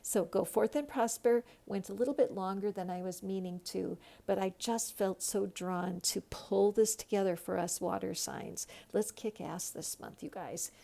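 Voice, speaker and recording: A woman tarot reader leading a guided tapping meditation, speaking gentle affirmations for listeners to repeat. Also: mid-range voice, fairly even intonation, normal speed, gravelly, few pauses.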